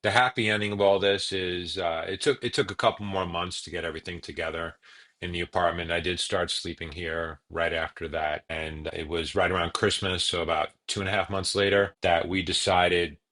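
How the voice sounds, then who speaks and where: A man telling his personal story as a podcast guest, earnest and halting, with frequent restarts. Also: deep voice, little pitch movement, pushed and bright.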